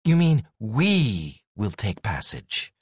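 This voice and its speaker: A man's voice: huge pitch swings, slow pace, husky, no room sound, clean studio sound, full character voice. A man voicing a young woman, a witch, who talks in pleading, insistent questions in an audiobook. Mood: questioning. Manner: pleading, questioning, pitched up high.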